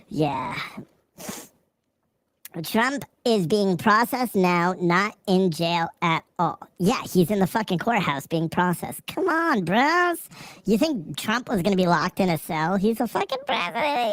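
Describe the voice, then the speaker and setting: A woman's voice: medium pitch, animated, unhurried, dry recording. A woman live-streaming outdoors on a city street, reading chat aloud in a brash, profane way and laughing often.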